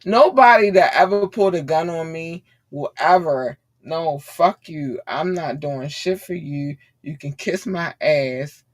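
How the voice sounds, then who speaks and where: A woman's voice: low-pitched, a little slow, few pauses. A woman hosting a podcast, ranting bluntly and swearing freely in heated commentary. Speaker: podcast host.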